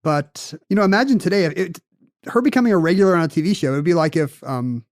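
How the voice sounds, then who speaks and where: A man co-hosting a podcast, telling a story in casual chat with quick asides. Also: high-pitched, animated, no room sound, clean studio sound. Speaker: podcast co-host.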